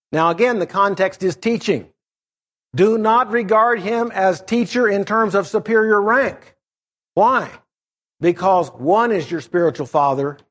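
A middle-aged man preaching in a measured, explanatory way, leaning on key words as he teaches through a Bible passage. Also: a little high.

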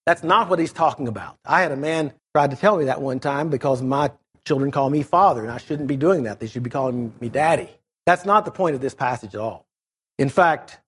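Husky-voiced man teaching from scripture. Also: a little high. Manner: measured, explanatory, stresses key words. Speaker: preacher. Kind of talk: expository Bible teaching.

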